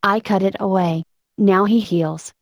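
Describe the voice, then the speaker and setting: A woman voicing a powerful, gruff old male peasant landowner who speaks curtly and stubbornly. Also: medium pitch, steady tone, unhurried, no room sound. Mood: grim. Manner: curt, brusque, stolid.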